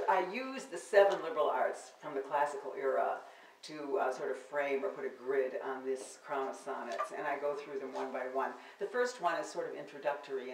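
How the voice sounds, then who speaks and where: A woman's voice: very deep voice, gravelly, slight background noise. An older woman, a poet, giving a public reading of her verse with wry, theatrical delivery and spoken asides, in a bookstore. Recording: roomy, distant live-event recording.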